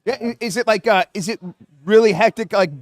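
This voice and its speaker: A man's voice: high voice, a little fast, no echo. A man hosting a panel show, asking guests easygoing questions with short prompts. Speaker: host. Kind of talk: casual interview chat.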